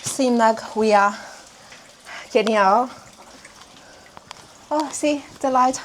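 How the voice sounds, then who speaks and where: A woman's voice: fairly high pitch, slow, slight background noise. A young woman vlogging casually as she hikes through a narrow, humid cliff crack, chatting to viewers as she walks. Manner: chatty, talks to viewers while walking. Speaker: hiking vlogger. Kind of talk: casual vlog narration while hiking.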